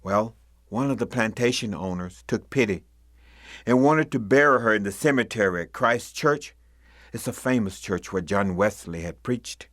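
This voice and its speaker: Male storyteller, low pitched, dramatic ghost-tale delivery with sudden loud cries and hushed endings. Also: animated, normal speed, no echo, clean studio sound. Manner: dramatic, swelling loud and high for mob cries, dropping to near-whispers.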